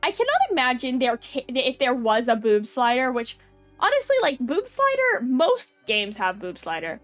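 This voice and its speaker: A woman's voice: fairly high pitch, lively intonation, normal speed, soft background music. A young adult woman chatting casually on a live stream, rambling with lots of fillers and giggles. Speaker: VTuber streamer.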